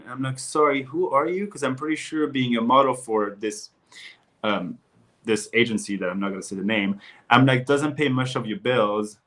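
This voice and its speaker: A young man with a French accent, a guest telling stories in blunt, profane, animated casual chat full of fillers. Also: medium pitch. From France.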